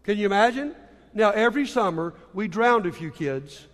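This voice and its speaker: High-voiced preacher in a hall. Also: male voice, lively intonation, normal speed, a bit bright. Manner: storytelling, conversational, with repeated restarts. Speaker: pastor. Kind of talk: sermon. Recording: long reverb from a hall.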